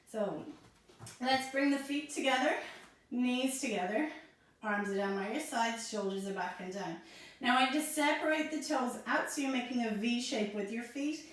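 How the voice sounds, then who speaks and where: A woman instructor guiding a pilates abs workout, calmly cueing each breath and movement, a little out of breath. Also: fairly high pitch. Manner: calm, encouraging, counts breaths and cues. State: slightly out of breath. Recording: echoey room.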